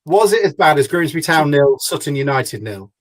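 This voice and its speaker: A man's voice: on the high side, very animated, normal speed. A man hosting a fan podcast in casual chat, jokey and teasing. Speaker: podcast host.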